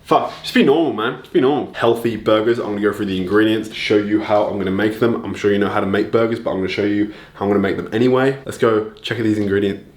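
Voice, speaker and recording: Low-voiced young man cursing casually. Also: fairly even intonation, fast talker, few pauses. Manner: chatty, loose and profane, jokes at himself. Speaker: fitness vlogger. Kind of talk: casual cooking and diet vlog. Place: home kitchen.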